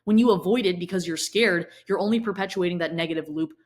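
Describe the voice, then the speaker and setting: Blunt, low-voiced woman coach. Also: fast. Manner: blunt tough-love, frequent swearing. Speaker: fitness and mindset coach. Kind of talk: direct-to-camera motivational talk.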